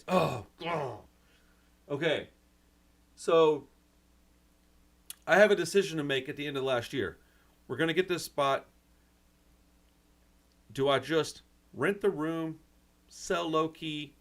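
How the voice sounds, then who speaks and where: Guy hosting his own channel venting on camera, frustrated and teary, rambly, kinda high voice, lots of "dude". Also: fairly bright tone. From United States. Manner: rambling, frustrated, swears mildly, says "man" and "dude" often. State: close to tears. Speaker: channel host and record store owner. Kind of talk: emotional personal rant to camera.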